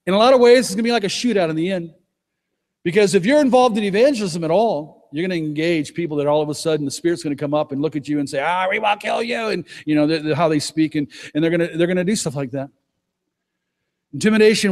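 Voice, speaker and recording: A man preaching at a conference, emphatic, swinging between loud declarations and low, intense asides. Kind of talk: conference sermon. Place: conference hall. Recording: long hall reverb.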